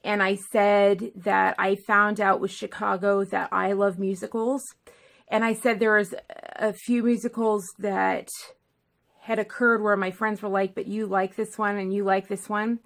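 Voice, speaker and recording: A woman's voice: medium pitch, level tone, unhurried, creaky. A woman talking casually to the camera as a film vlogger, rambling and digressive, with lots of fillers.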